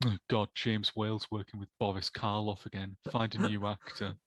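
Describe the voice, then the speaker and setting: A man's voice: fairly low pitch, level tone, moderate pace, a bit bright, no room sound, natural voice. A man putting on the voice of a fed-up, grumbling film critic. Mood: exasperated. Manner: exasperated complaining.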